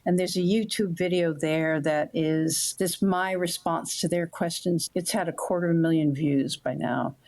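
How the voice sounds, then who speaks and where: An older woman, a guest author on a podcast interview, talking in a warm, roundabout storytelling way. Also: lowish voice, fairly even intonation, unhurried, few pauses.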